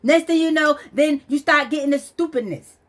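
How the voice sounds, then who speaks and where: On her vlog, a woman with a high-pitched voice vents at a moderate pace. She's stressed and tearful, talking bluntly and swearing about personal matters.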